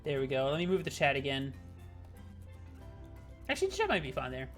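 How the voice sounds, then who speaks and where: A man's voice: medium pitch, wildly swooping pitch, brisk, a bit bright, soft background music. A man streaming a game live, chatting casually with his viewers, rambling and swearing freely.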